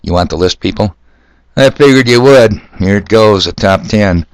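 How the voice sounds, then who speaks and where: A man's voice: lowish voice, moderate pace, no echo. An older man hosting a solo podcast, talking in a sardonic, ranting way. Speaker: podcast host. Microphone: corded mic.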